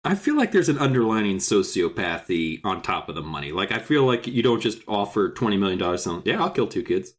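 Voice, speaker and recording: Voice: low voice, sing-song, quick pace, few pauses. A podcast co-host riffing sarcastically and profanely on a book recap.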